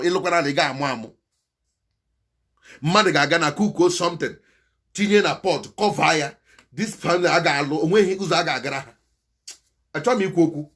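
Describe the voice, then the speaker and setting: A man with a Nigerian Igbo accent preaches straight to camera in a slightly raised voice, hopping between Igbo and English. He swings from loud, impassioned exhortation to low, pleading appeals, moralizing throughout. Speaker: channel host.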